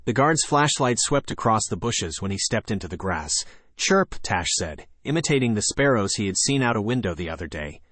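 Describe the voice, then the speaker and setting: A man narrating an audiobook story in a steady reading voice, lightly voicing the characters. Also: lowish voice, fairly quick, hardly any pauses, dry recording. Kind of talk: scripted narration.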